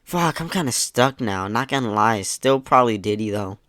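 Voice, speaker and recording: A man's voice: fairly low pitch, animated, moderate pace, fairly bright tone, no room sound. Dry, sarcastic casual male commentator. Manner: laid-back, sarcastic, swears casually, mocks the messages. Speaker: YouTube commentator. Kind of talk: casual commentary reading out online messages.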